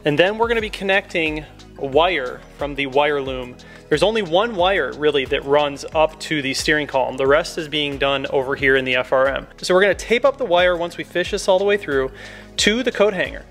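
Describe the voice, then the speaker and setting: Brief: relaxed male car YouTuber, slightly high voice, walking through a repair step by step, soft music underneath. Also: fairly quick. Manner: laid-back, chatty, enthusiastic. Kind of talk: casual how-to car tutorial. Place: inside a car while working on trim.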